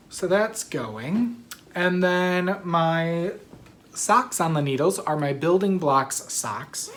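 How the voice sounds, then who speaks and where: A woman's voice: low-pitched, slight background noise. A sleepy woman hosts her knitting show in loose, rambling chat. She drifts between thoughts, yawns, and keeps apologizing for it. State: sleepy, yawning. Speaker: knitting podcast host. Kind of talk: casual chat.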